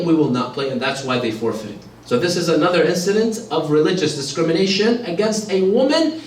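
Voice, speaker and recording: Male lecturer, high voice, heated sermon delivery, distant mic in a reverberant hall. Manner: impassioned, repeats phrases for emphasis. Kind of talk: religious lecture.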